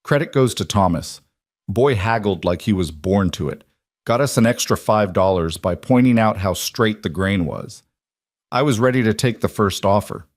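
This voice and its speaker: A man voicing a quiet, guarded frontier cowboy who speaks tersely and firmly. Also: fairly low pitch, lively intonation, normal speed, dry recording, studio quality, close to an everyday voice. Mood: warm. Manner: terse and firm.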